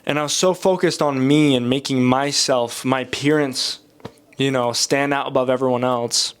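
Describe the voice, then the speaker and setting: A young man speaking through a head cold that leaves his voice a little nasal and stuffy. His pitch sits in the middle range, and he talks in a loose, rambling, self-deprecating way, like someone chatting to viewers while he sketches. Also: steady tone, normal speed, clear, resonant tone. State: sick, slightly nasal. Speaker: art channel host. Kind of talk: casual vlog monologue while drawing.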